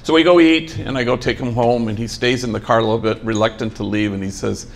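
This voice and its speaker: Gravelly priest telling a warm-humored story. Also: male voice, medium pitch, steady tone, quick pace, hardly any pauses. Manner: folksy storyteller, dry humor, sprinkles Spanish slang. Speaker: priest leading a program for former gang members. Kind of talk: storytelling inspirational talk. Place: the program's own building, addressing trainees.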